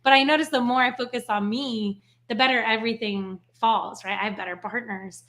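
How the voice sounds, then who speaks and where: Here the guest's voice runs a little high and a little fast. She's from Switzerland, French is her first language, and she's an animated storyteller in a casual podcast interview who keeps adding "right?" and "like."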